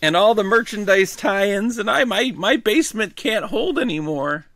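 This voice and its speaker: A man's voice: sits high, animated, moderate pace, a bit bright, no room sound, studio quality, voice pushed up. A man putting on a grumpy old man complaining that things were better back in his day, in exaggerated grumbling. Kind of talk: podcast banter.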